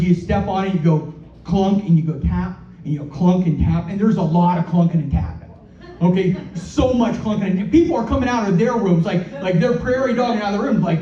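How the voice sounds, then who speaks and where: A man doing a stand-up comedy set in a comedy club. He talks in halting, self-deprecating bursts and repeats his words often. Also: high voice, dark tone. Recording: roomy, dull club recording from a distance.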